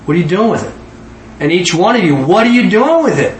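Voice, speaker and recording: A man preaching a sermon in an animated way, acting out dialogue in voices and laughing often. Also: high voice, brisk, a little hiss or hum. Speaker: pastor. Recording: echoey room with faint ambience.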